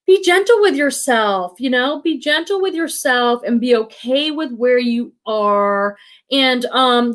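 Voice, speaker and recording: Chatty high-voiced woman live-stream host. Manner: chatty, warm-hearted, laughs often, many fillers. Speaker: livestream host of a reselling channel. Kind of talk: casual live-stream chat reading comments.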